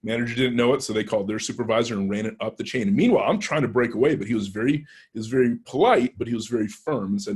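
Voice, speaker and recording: A man's voice: medium pitch, very fast, hardly any pauses, a little mellow, slightly rough. A man who works as a penetration tester, telling a story in a casual, conversational way with restarts and acted-out quotes.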